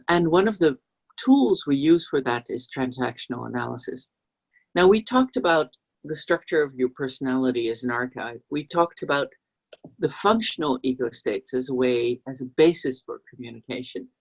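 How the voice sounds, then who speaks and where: Once more the business coach and trainer addresses the camera, her husky voice lively and full of expression as she lays out ideas. She drops into quick acted example voices, all captured in muffled, low-quality sound.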